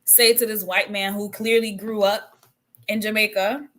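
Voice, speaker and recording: A woman's voice: medium pitch, level tone, a little slow, a bit bright. A woman co-hosting a casual talk show, retelling an online argument and acting out the quotes, laughing often. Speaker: podcast co-host. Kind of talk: casual chat.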